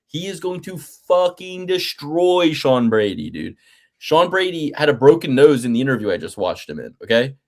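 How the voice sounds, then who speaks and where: A man co-hosting a casual fight-picks podcast, talking in an animated, profane way and slipping into mocking impressions, with a faint Delaware County, Pennsylvania accent. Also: a little high. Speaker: podcast co-host.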